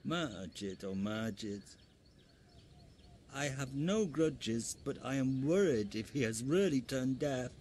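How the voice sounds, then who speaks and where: A man's voice: medium pitch, expressive, slow pace, a little mellow. A man voicing a fretful old grandfather in a dubbed cartoon. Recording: faint background noise.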